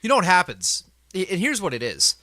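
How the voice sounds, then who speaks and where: A man's voice: high voice, wildly swooping pitch, fairly quick, sharp tone, no room sound. A man who runs a tabletop game, chatting with his group in an emphatic, reflective way and laughing often. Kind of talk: casual group chat.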